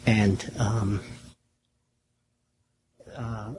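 Hesitant low-voiced man, noisy recording. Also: flat delivery, extremely slow. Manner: hesitant, full of fillers and restarts. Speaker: audience member. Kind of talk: sharing in a group discussion.

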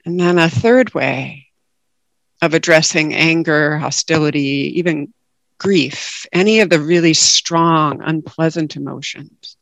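A woman giving a calm, reflective dharma talk as a guest meditation teacher over a video call. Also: deep voice, no echo.

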